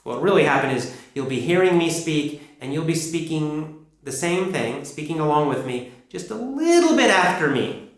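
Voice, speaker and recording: Male English teacher, emphatic coaching delivery, slightly high, heavy room echo. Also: normal speed. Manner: energetic, emphatic, repetitive coaching. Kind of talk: instructional explanation. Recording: very echoey room.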